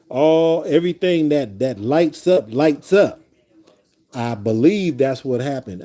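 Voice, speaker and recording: Speaking straight to his live chat, a livestream host rambles through casual stories and repeats words as he goes. His voice is a little high with a dark tone.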